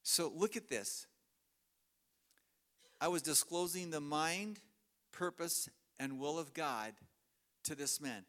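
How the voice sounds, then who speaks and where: A man's voice: on the high side, slow pace, pauses often, fairly bright tone. A middle-aged man preaching a sermon in a church, telling a story with humor and frequent chuckles.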